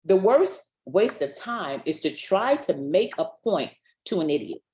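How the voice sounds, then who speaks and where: A woman voicing a wise male lion, king of the jungle, in a fable she retells during a webinar talk, speaking in a calm, measured way. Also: on the low side, echoey room.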